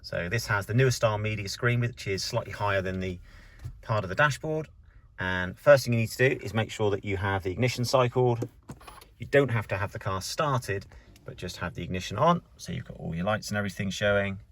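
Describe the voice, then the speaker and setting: A man's voice: fairly low pitch, fairly quick, a bit bright. A man from a car dealership giving a casual how-to demonstration from inside a car, explaining plainly step by step as he points things out. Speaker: car dealership staff presenter.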